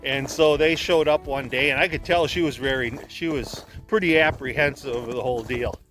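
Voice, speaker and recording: A man's voice: medium pitch, normal speed, a bit bright, soft background music. A man from Wisconsin, a former sled dog guide, telling stories in a casual, rambling way with many restarts. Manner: rambling, repeats words as he restarts. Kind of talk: casual storytelling.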